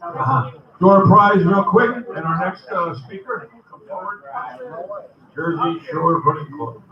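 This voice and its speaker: A man's voice: sits high, unhurried, crowd noise. A man emceeing at a convention, upbeat and chatty, speaking off the cuff. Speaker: master of ceremonies. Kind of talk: casual emceeing. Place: convention hall. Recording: echoey hall, from far off, dull, noisy.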